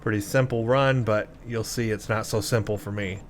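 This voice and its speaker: A man's voice: fairly low pitch, steady tone, moderate pace, a little hiss or hum. A man hosting a let's play, giving gameplay commentary in a self-deprecating, exasperated way.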